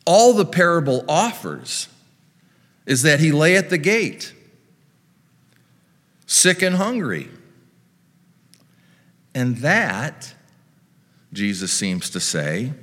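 A man preaching a sermon in a measured, reflective way, with wry asides. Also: mid-range voice, a bit bright. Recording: long hall reverb.

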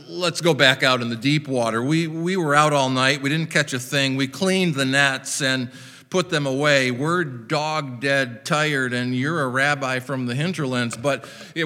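A man voicing a weary, sarcastic fisherman who grumbles haltingly after a sleepless night of work. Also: medium pitch, pushed and bright, in a large hall.

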